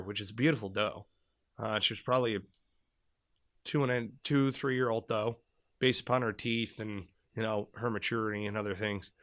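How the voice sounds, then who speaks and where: A man co-hosting a podcast, telling a story in a casual, animated way with plenty of swearing. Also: on the low side, no echo, clean studio sound. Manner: animated, profane, rambling storyteller. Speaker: podcast co-host, former Marine.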